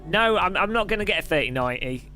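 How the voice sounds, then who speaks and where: A man talks casually while streaming a racing sim, reading out chat messages and laughing along. His voice sits a little high and swoops around a lot. Faint music plays behind him. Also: expressive, quick pace, bright, forceful tone. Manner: chatty, reads chat aloud, laughs often.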